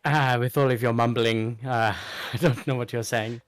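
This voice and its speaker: A man's voice: mid-range voice, steady tone, moderate pace, smooth, dry recording. Dry-sounding, wry male player. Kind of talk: casual tabletop role-play.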